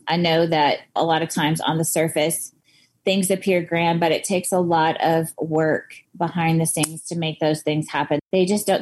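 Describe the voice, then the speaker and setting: A woman being interviewed on a podcast about her photography business, speaking in an earnest, thoughtful way. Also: fairly low pitch. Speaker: guest photographer.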